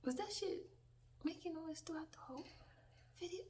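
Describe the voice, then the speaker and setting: Her voice extremely high-pitched, a young woman rambles through a profane, animated story at normal speed in a casual vlog, veering into many asides. A distant mic picks her up with faint hiss behind.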